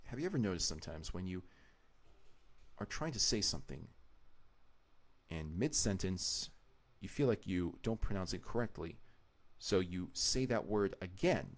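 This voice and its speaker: A man live-streaming his video editing, talking through his choices in a rambling, explanatory way and often restarting his sentences. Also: deep voice.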